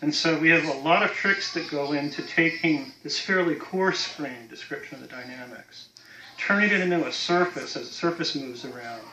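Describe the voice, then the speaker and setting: Man, effects specialist, measured technical explainer, bright forceful voice, echoey. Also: fairly high pitch, slight background noise. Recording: roomy echo.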